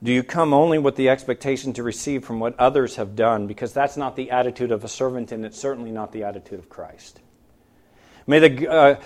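A male pastor preaching a sermon in a church, firing rhetorical questions and swinging between loud emphasis and soft, low asides.

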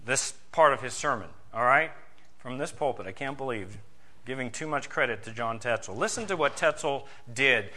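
Give me a bright, forceful male pastor preaching with emphasis. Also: on the high side. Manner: emphatic, slows down for stress. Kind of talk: sermon.

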